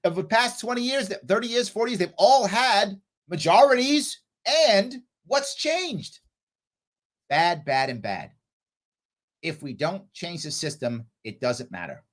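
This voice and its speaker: A man's voice: high-pitched, animated, measured pace. A man hosting a political livestream, reading chat comments aloud and answering them bluntly, at times scolding a commenter heatedly. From New York. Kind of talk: live-stream talk reading chat comments.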